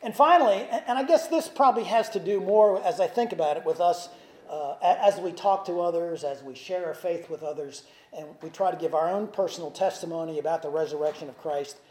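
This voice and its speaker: A man's voice: sits high, brisk, a little mellow, reverberant. A man preaching a sermon in a church, talking in a conversational way with asides and restarts. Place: church sanctuary.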